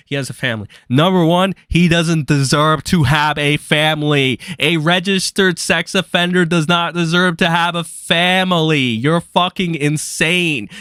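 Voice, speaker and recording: A man's voice: a little high, sharp tone, dry recording, studio quality. A young man hosting a live stream, delivering angry, profane commentary.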